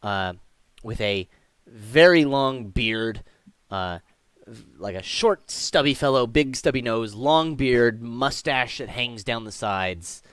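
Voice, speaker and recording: A man's voice: medium pitch, expressive, slow pace, a bit bright, clean tone, dry recording. A man running a tabletop game as game master, describing scenes in a rambling way with many fillers and restarts.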